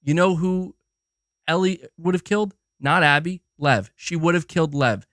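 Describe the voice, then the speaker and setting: A man hosting a gaming livestream, talking in a casual, animated and profane rant, often restarting his sentences and answering chat. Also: on the high side, normal speed, no echo, studio quality. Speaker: livestream host.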